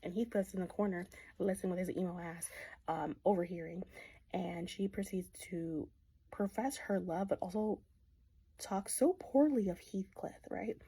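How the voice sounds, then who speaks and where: A woman's voice: fairly low pitch, normal speed, vocal fry, husky, poor audio. A young woman giving a casual, slangy book recap and acting out the characters as she goes. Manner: slangy, animated, acts out the characters. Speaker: book vlogger.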